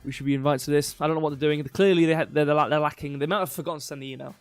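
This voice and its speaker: Rambling male crypto streamer, slightly hoarse. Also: fairly high pitch, steady tone, racing, no echo, soft background music. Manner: rambling, self-interrupting, reads chat aloud. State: losing his voice, coughing. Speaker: crypto livestream host. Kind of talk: casual livestream chat. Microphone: desk mic.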